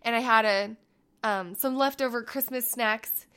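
A woman in her thirties co-hosting a casual chat, a stay-at-home mom who tells animated stories and acts out the voices. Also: fairly high pitch, unhurried, clean tone. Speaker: podcast co-host.

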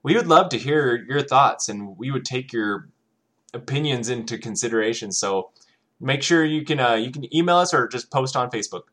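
A woman's voice: rumbling low, lively intonation, moderate pace. A woman co-hosting a casual parenting chat, chiming in with short, easygoing remarks. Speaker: podcast co-host.

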